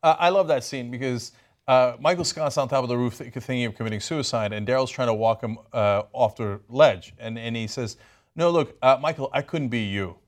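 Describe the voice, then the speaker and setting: A man co-hosting a casual political commentary show, talking in an animated, mocking way. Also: mid-range voice, brisk. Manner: animated, mocking, mimics people in sing-song voices. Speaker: co-host.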